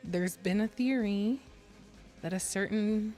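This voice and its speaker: A woman's voice: medium pitch, takes it slowly, dark tone, soft background music. A woman VTuber chatting casually on a stream, rambling, giggling often and poking fun at herself. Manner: rambling, giggly, self-deprecating.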